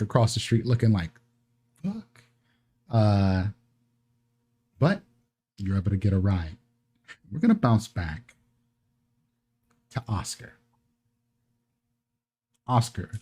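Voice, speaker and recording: A man narrating as game master in a relaxed, rambling way with many fillers. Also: on the low side, slow, long pauses, husky.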